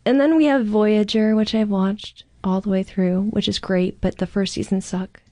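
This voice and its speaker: A woman's voice: medium pitch, fairly even intonation, moderate pace, dark tone, no room sound. Casting: chatty woman in her thirties, eager, rambling, dry close sound. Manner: eager, rambling, swears casually. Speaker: podcast co-host. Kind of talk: casual chat.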